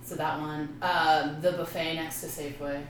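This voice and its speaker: A woman's voice: low voice, little pitch movement, normal speed, noisy background. A woman in casual chat, talking hesitantly and using lots of fillers. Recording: echoey room, distant from mic.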